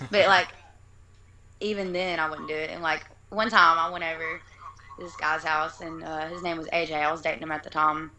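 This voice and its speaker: Young gal chatting away, bright sound, acts out what she said, laughs a lot. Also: sits low, steady tone, normal speed, pauses often. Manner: chatty, laughing, acts out her own quotes. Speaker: interview guest. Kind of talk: casual storytelling chat.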